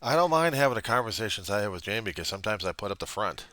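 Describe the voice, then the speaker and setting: A man with a very deep voice and a forceful, pushy tone speaks directly to a reverend in his video diary, rambling and putting himself down. His sing-song, rapid-fire delivery drifts from near-murmured musing into sudden loud outbursts. The recording is dry and close, with no room sound.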